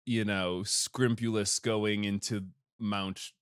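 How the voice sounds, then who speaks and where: A man's voice: fairly low pitch, little pitch movement, slow pace, clear, resonant tone, no echo, studio quality. A man hosting a casual podcast, joking and rambling with wry asides. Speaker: podcast host. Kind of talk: casual chat.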